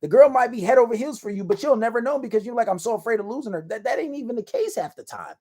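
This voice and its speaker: A man's voice: extremely high pitch, very animated, fast, a little mellow, husky. A man giving casual dating advice to camera in a blunt, self-assured, slangy lecturing manner.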